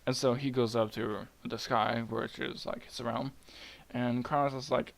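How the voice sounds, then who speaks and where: A young man retelling a myth casually at home, muttering quietly and rambling with jokes. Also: mid-range voice, steady tone, a little slow, gravelly. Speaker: storyteller. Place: home at night.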